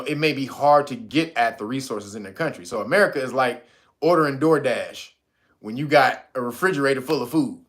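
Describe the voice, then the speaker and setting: A man's voice: medium pitch, sharp tone. A man ranting in casual slangy commentary, swearing freely and breaking into laughs. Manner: profane, laughs often, slangy. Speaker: commentary vlogger.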